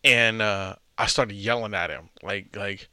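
Male podcast co-host, brash prank storyteller, bright and forceful delivery, dry close sound. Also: on the low side, a little slow, clean tone, dry recording. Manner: crude, boisterous storytelling with loud acted-out quotes. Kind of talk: casual chat.

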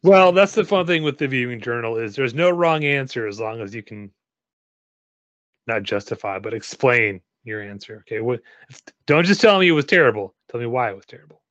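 A man's voice: mid-range voice, expressive, a little fast, a bit bright, no echo, highs cut off. A man hosting a casual podcast, chatting playfully and reading a story aloud in a theatrical way. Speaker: podcast host.

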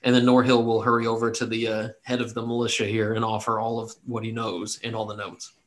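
A man narrating a tabletop game as game master, relaxed and joking. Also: on the low side, fast talker.

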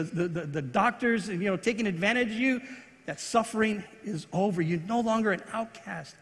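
A man's voice: sits high, long reverb tail. A man preaching a sermon as pastor, earnest, with repeated phrases and restarts. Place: church.

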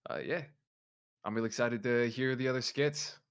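A man, a voice actor guest, chatting in a relaxed, friendly way with frequent ums. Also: mid-range voice, moderate pace, clear, resonant tone. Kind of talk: casual group video-call chat.

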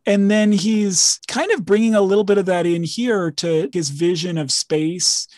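A man with a somewhat high voice hosts a podcast as a professor. He explains ideas with enthusiastic, rambling energy in casual academic chat. The sound is close and dry. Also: unhurried, a little mellow, no room sound.

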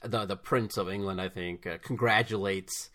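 A man co-hosting a podcast in casual chat, animated and giggly as he retells comedy. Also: fairly low pitch, moderate pace. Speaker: podcast co-host. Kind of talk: casual chat about films.

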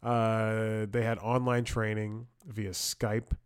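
A man's voice: on the low side, level tone, takes it slowly, clear, resonant tone, dry recording, studio quality. A man hosting a podcast, telling a story in a rambling, self-interrupting way and laughing at his own jokes. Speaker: podcast host. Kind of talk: casual comedic monologue.

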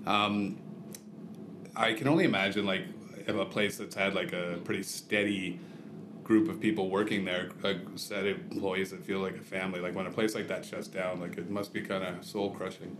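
A man's voice: deep voice, fairly even intonation, moderate pace. A man hosting a podcast interview, asking questions casually with many hesitations. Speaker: podcast host, restaurant owner. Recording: roomy with faint noise.

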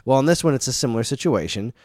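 A man's voice: mid-range voice, lively intonation, very fast, darkish tone, dry recording, studio quality. A man in his thirties co-hosting a casual chat show, rambling off on tangents. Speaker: podcast co-host.

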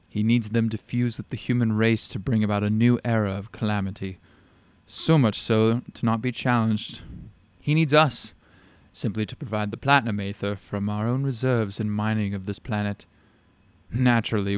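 A man voicing a calm, cruel alien entity with tendrils, explaining its plans in a matter-of-fact, menacing way. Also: on the low side, normal speed, clear, resonant tone, dry recording, natural voice. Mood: calm menace.

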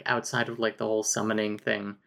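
A woman's voice: a bass voice, flat delivery, quick pace, vocal fry. A woman co-hosting a podcast, casually talking through a story with dry, wry remarks. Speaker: podcast co-host. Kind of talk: casual chat about a story.

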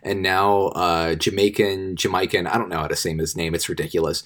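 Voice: sits low, fairly even intonation, fairly quick, fairly bright tone. A podcast co-host chatting casually, rambling with lots of fillers. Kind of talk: casual chat.

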